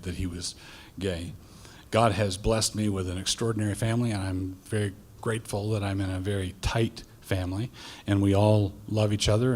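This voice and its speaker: A middle-aged male pastor giving a deliberate, halting answer in a debate. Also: on the low side.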